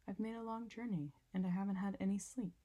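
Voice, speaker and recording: A woman voicing a timid, wondering young boy prince in a storybook reading, a little higher than her narration. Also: normal speed, dark tone, slightly rough.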